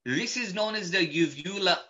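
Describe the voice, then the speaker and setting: A man teaching pronunciation in a slow, methodical lesson, patiently repeating each point. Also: high voice, animated, sharp tone, dull audio. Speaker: Quran recitation teacher.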